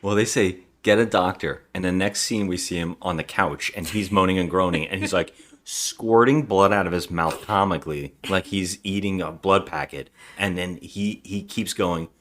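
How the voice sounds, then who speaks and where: Speaking at a moderate pace, this low-pitched man has a fairly bright tone. He's a podcast co-host in a laid-back horror movie review, quoting the film's lines in imitation and laughing along.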